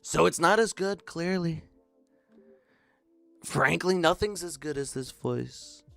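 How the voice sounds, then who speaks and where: Brief: young man's comic take on a boastful old male politician, higher pitched, bragging and drawn out, faint music behind. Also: gravelly, a bit bright, exaggerated voice. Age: young adult. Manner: bragging, drawn-out, self-praising delivery. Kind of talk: comedic impression during a game stream.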